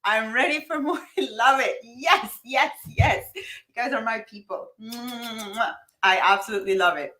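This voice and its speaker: Woman, money mindset coach, live-streamed motivational talk, high-energy, emphatic, speaks straight to viewers, reads comments aloud. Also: measured pace, bright, forceful tone.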